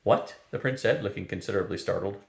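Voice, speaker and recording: An older man, a grandparent, reading a children's novel aloud in a steady, gentle narrating voice. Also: lowish voice, brisk. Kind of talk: storybook read-aloud. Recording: roomy echo.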